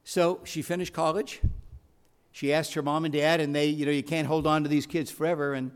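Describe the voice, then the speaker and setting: A man's voice: a little high, flat delivery, a little fast, clean tone. A male preacher giving a sermon, telling a story and building to fervent, emphatic appeals. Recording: long hall reverb.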